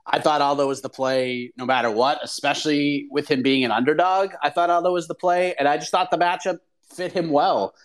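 A man hosting a casual morning chat show, upbeat and energetic, talking to listeners. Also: on the high side, a little fast. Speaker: host.

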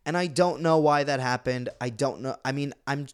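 A man's voice: mid-range voice, moderate pace, clear, resonant tone. A young man co-hosting a podcast, talking in a casual, emotional way with many restarts and self-blame. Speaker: podcast co-host. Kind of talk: casual chat.

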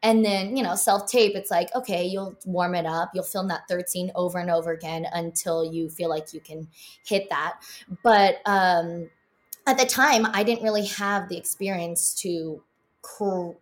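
A young woman, an actress, chatting casually in an interview and telling an animated story with lots of filler words. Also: lowish voice, normal speed. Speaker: actress guest.

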